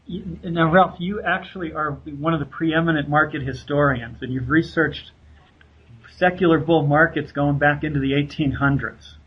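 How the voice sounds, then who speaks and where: Male podcast host, slightly high and husky, long respectful questions, muffled recording. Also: steady tone, moderate pace. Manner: asks long deferential questions. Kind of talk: podcast interview. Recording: dull lo-fi audio.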